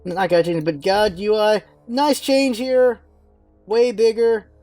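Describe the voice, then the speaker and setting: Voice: medium pitch, steady tone, slow pace, a little mellow, no room sound, soft background music. Rambling offhand gaming commentator. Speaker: gaming channel host. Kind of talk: casual gameplay commentary.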